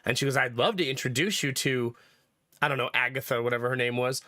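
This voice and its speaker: A man's voice: mid-range voice, quick pace, bright, forceful tone, no echo, studio quality. A man with a cold, telling a story to his stream chat in a casual, laughing way. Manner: chatty storytelling, laughs often, acts out quotes. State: has a cold.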